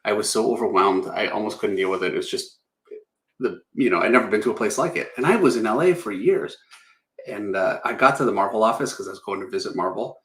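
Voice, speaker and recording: A middle-aged man with a fairly low voice hosts a casual livestream. He rambles through stories and laughs at himself. The sound bounces around a roomy space. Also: animated, fast, fairly bright tone. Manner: rambling, self-deprecating, laughs often. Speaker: artist and livestream host. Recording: roomy echo.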